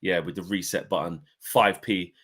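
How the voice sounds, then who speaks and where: Co-host, man, 30s, low bright voice, chatty banter. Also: fairly even intonation, normal speed, slightly rough. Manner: chatty, banter-heavy, repeats "mate". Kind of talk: casual chat.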